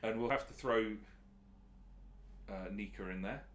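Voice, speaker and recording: A British man hosting a podcast, chatting in a relaxed, laughing way. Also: lowish voice, a little slow, roomy sound, slight background noise. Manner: lively, laughing, wrapping up. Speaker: podcast host. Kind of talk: casual chat.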